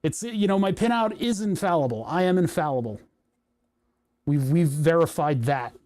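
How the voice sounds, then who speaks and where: A man's voice: a little high, expressive, moderate pace, darkish tone. Chatty man thinking aloud on a livestream. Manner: rambling, self-mocking, thinks aloud. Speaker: livestream host. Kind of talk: casual live coding chat. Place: home workshop.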